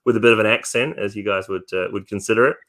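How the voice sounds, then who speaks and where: A man's voice: on the low side, fairly even intonation, quick pace, fairly bright tone. A man with a New Zealand accent, answering interview questions in an easygoing, chatty way with plenty of filler sounds. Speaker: distillery guest.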